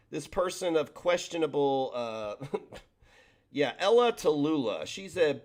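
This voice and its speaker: Male commentary host, profane exasperated ranter, animated delivery. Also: on the high side. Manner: exasperated, profane ranting with sarcastic mimicry. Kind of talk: reaction rant.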